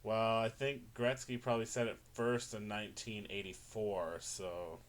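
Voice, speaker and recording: A man's voice: lowish voice, little pitch movement, normal speed. A man co-hosting a casual chat podcast, joking dryly in loose banter. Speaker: podcast co-host.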